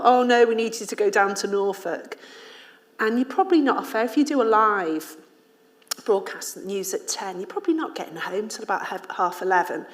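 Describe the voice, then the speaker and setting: A woman from Liverpool, an author and journalist speaking candidly to an audience at a public event, telling stories with frequent laughter. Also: medium pitch. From Liverpool, England. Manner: candid, animated storyteller who laughs often. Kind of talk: casual talk at a public ideas event.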